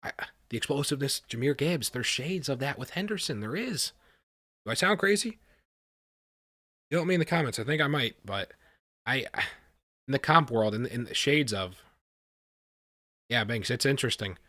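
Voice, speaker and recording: A man hosting a live stream, reacting with excitement and talking to his chat, often repeating himself. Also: medium pitch, normal speed, long pauses, no echo, clean studio sound. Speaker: livestream host reacting to a draft.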